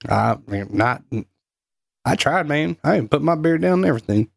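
A man with a North Carolina accent co-hosting a stream, relaxed and laughing as he curses. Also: fairly high pitch, moderate pace, vocal fry, no room sound. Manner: laid-back, laughing, cursing. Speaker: co-host. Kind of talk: casual chat on a live stream.

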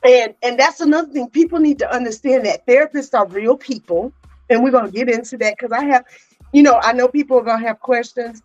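An exuberant woman hosts a chatty live-stream interview. Her voice sits high, and the audio is dull and lo-fi. Faint music plays underneath. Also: fairly quick, darkish tone. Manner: exuberant, chatty, greets viewers by name. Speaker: podcast host.

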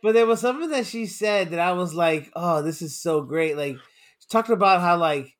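A man's voice: high voice, animated, moderate pace. A man co-hosting a podcast, rambling in casual chat with lots of fillers and swearing. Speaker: podcast co-host.

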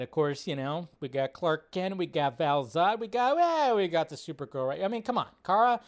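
A young man hosting a casual live show, talking excitably and swearing freely as he riffs. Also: fairly high pitch. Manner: excitable, profane, riffing with put-on bits. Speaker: host.

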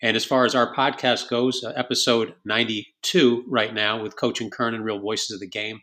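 A man's voice: medium pitch, level tone, moderate pace, sharp tone. A man hosting a podcast who wraps up the episode with effusive thanks to the guests and plugs for the show. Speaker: podcast host. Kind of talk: closing thanks and sign-off.

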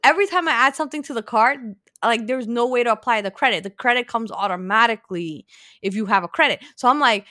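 A woman telling a story in casual chat, animated and acting out both sides. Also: fairly high pitch, quick pace, no room sound, clean studio sound. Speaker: podcast co-host.

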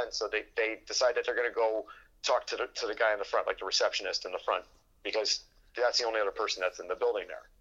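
A man's voice: fairly low pitch, fairly even intonation, quick pace, pushed and bright, breathy edge, muffled recording. A man telling a long story in casual chat, rambling with fillers and restarts and acting out what people said. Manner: rambling, full of fillers and restarts, acts out quoted dialogue.

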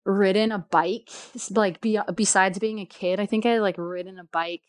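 A woman's voice: mid-range voice, fairly even intonation, moderate pace, dry recording. A woman telling a travel story in a casual, chatty way, full of fillers and laughter.

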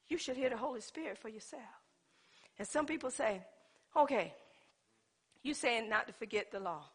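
A woman preaching a sermon, talking with the congregation and swinging from loud exhortation to soft asides. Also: a little high, lively intonation, normal speed, long pauses, breathy edge. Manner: conversational, calls out to the congregation.

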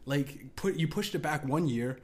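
A man's voice: fairly high pitch, moderate pace. A young man hosting a solo podcast, ranting casually with lots of swearing, restarts and laughing asides. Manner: profane, rambling, laughing asides.

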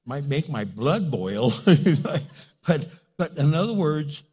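A man's voice: on the high side, big pitch swings, takes it slowly, darkish tone, slightly rough. A middle-aged man preaching a sermon as pastor, earnest and conversational, often acting out quotes.

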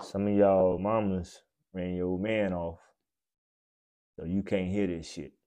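Mellow-voiced man ranting and cursing. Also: level tone, slow pace, muffled recording. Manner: blunt, swearing, preachy, swings between loud outbursts and low mutters. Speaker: podcast host. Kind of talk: profane comedic rant.

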